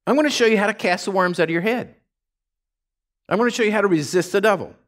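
A man preaching a folksy, animated sermon as pastor of a church. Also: high-pitched, quick pace. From Texas.

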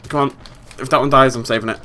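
A British man commentating his gameplay, swinging from exasperated yelling to low muttering. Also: steady tone, fast. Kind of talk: let's play commentary.

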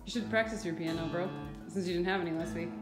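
A woman's voice: lowish voice, fairly even intonation, quick pace, over loud music. A mother filming her children at home, upbeat and encouraging, laughing often. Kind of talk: casual home video. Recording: roomy echo.

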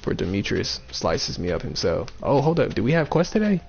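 Brief: gaming host, gravelly and animated, talks to himself as he plays, muffled lo-fi mic. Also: on the low side, fairly quick, faint music behind. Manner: thinking aloud, repeating himself, playful. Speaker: gaming streamer. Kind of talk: casual let's-play commentary.

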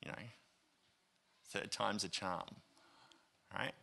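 An Australian man preaching a sermon, telling a story with lively asides, acted-out quotes and plenty of ums and uhs. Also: fairly low pitch, takes it slowly, creaky. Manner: animated, acts out quoted voices, many fillers. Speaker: pastor. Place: church auditorium.

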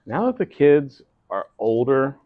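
A man's voice: medium pitch, big pitch swings, measured pace, no room sound, narrow, tinny audio. A middle-aged man co-hosting a homestead channel, chatting casually and laughing easily in an interview with his wife.

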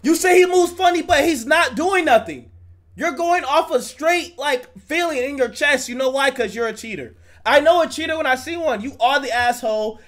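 A man with a very high-pitched voice rants heatedly through a live reaction stream. His talk is profane and worked up, the voice of a streamer who has lost patience. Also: expressive, normal speed, fairly bright tone.

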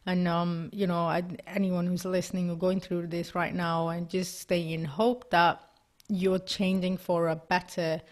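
Softly affirming woman host, low voice. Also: level tone, unhurried. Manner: soft affirming murmurs, supportive and encouraging. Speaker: podcast host. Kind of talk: interview podcast.

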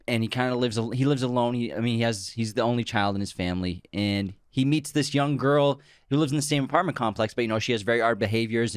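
A man in casual podcast chat, teasing his co-host and laughing easily. His voice sits in a middle pitch. The sound is dry and close, with no room around it. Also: smooth, dry recording. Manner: joking, laughs often.

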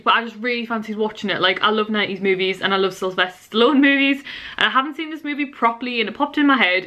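A woman's voice: on the high side, sharp tone. A young woman chatting casually to a handheld camera in a vlog, tired and out of breath, rambling from one story to the next. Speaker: vlogger.

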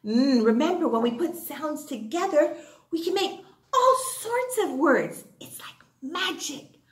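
A woman teacher giving a phonics lesson to young children in an animated, sing-song way with excited gasps. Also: high voice, measured pace. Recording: echoey room.

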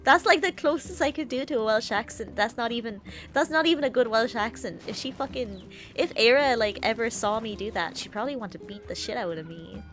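A woman's voice: a little high, a little fast, hardly any pauses, a bit bright, faint music behind. A young woman chatting casually while streaming a game, rambling and sweary, with lots of restarts.

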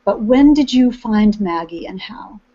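A woman interviewer with a mid-range voice, warm, chatty and effusive with a friend. She is on a live webcast, and the sound is dull and lo-fi. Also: medium pitch, expressive, a little slow. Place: remote webcast from Boston.

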